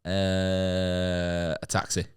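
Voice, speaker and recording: A man's voice: sits low, monotone, drawn-out words, smooth. A man telling a rambling, sweary travel story in casual podcast chat, full of restarts. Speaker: comedian podcast guest.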